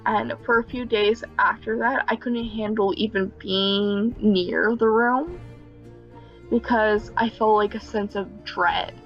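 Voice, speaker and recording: A woman's voice: medium pitch, fairly even intonation, slow, muffled recording, faint music behind. A young woman casually telling a personal story, rambling with many fillers and small nervous laughs. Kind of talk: casual story time narration.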